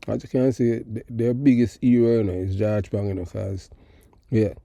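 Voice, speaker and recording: Jamaican man, gravelly, very dark voice, emphatic talk-show host, middle-aged. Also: lowish voice, fairly even intonation, normal speed, no room sound, lo-fi sound. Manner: emphatic, rambling, switches between patois and standard English. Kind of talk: political commentary.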